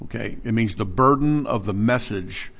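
A man teaching a Bible passage verse by verse, animated, restarting words and often asking his listeners questions. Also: on the low side, normal speed, gravelly.

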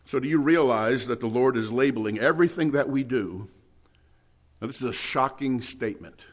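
A middle-aged man preaching a sermon, emphatic, with loud stressed words and quiet asides. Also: medium pitch, moderate pace. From New Jersey.

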